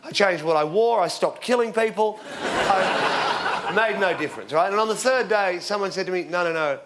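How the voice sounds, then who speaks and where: A man in his forties doing a stand-up routine on stage, telling rambling deadpan stories with fillers and shouting out the punchlines. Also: sits high, moderate pace. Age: 40s. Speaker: stand-up comedian. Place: comedy stage before a live audience. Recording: loud crowd laughter and applause, background noise. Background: audience laughing and clapping.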